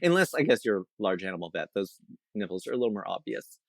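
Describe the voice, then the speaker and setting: A man's voice: lowish voice, sing-song, fast talker, gravelly, no echo, studio quality. A man from Canada, a veterinarian and comedian, chatting as a guest in a rambling, self-mocking way. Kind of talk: casual interview chat.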